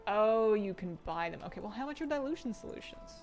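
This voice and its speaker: A woman streaming a video game, chatting casually with her viewers, laughing often and switching to high baby talk with her pets. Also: expressive, a little fast, a little mellow, soft background music.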